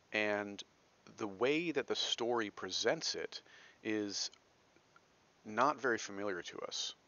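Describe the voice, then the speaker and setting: A man's voice: low voice, sharp tone, highs cut off. A man from Texas giving a recorded literature lecture, conversational, with self-deprecating asides and frequent checks of "right?".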